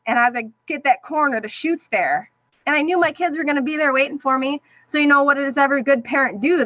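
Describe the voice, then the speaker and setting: Podcast guest, middle-aged woman, high bright voice, animated storyteller, dry dull recording. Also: no room sound. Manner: animated, acts out quoted voices. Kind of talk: emotional personal storytelling.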